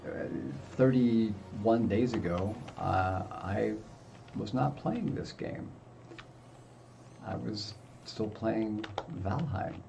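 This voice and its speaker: Gravelly older man chatting over gameplay. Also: fairly low pitch, mellow, a little hiss or hum. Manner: chatty and self-deprecating. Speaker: gaming video host. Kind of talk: casual gameplay commentary.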